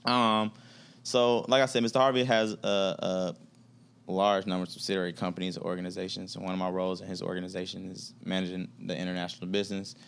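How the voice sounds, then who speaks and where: A man's voice: deep voice, flat delivery, fairly quick, gravelly, clean tone. A man from Atlanta, a guest on a casual podcast, telling business stories in a laid-back, slangy way and acting out quoted dialogue. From Atlanta, USA.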